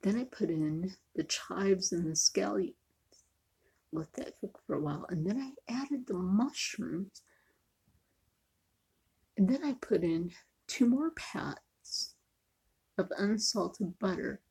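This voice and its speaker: A woman's voice: medium pitch, expressive, slow pace, creaky, long pauses, a little mellow, breathy edge. A woman chatting casually in a cooking vlog, joking and often dropping to a near whisper. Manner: chatty, jokey, sometimes drops to a near whisper. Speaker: vlogger.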